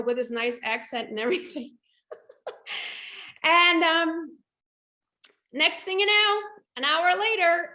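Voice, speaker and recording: A middle-aged woman guest telling a personal story in an interview, animated and lively, with frequent restarts. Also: very high voice, roomy sound. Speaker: guest entrepreneur.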